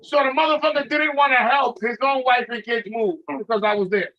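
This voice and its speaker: A man telling a profane, animated story in a casual podcast chat, acting out the dialogue. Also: extremely high pitch, brisk, highs cut off.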